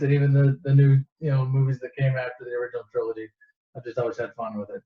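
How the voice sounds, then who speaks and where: A man's voice: medium pitch, completely flat delivery. Rambling man retelling a movie, echoey room. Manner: rambling, swears, restarts, quick asides. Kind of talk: casual comedic movie retelling. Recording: echoey, dull lo-fi room recording.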